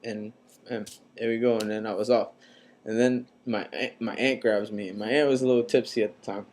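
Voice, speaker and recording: A young man in his twenties from the United States, casually telling a personal story to his vlog audience in a relaxed, rambling way, with many fillers. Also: fairly low pitch, brisk. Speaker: vlogger.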